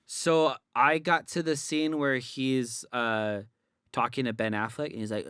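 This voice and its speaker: Brief: man, mid-pitch voice, eager podcast co-host, dry close mic. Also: fairly even intonation, a little slow, a bit bright, clean tone, no room sound. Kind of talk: casual chat.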